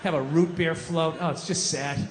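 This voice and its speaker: A man's voice: a little high, steady tone, moderate pace, noisy background. A man doing a profane, exasperated stand-up routine on an open-air stage at a large venue. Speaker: stand-up comedian. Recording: echoey live venue sound.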